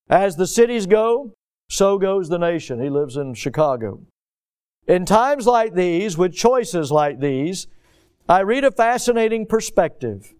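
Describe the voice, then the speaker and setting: Pastor, male, higher voice, smooth and resonant, earnest sermon delivery. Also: darkish tone. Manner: earnest preaching, slows for emphasis on key phrases.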